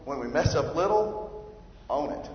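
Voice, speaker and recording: A man's voice: on the high side, expressive, a little slow. A man preaching a sermon, emphatic and rising in force when he reads scripture. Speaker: pastor. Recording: roomy hall reverb, dull lo-fi sound.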